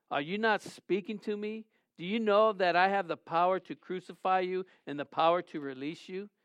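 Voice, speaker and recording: A pastor with a fairly high, slightly bright and smooth voice preaches with no room sound audible. Speaking straight to his listeners, he questions them, reads scripture aloud, and climbs in pitch to emphasize key words.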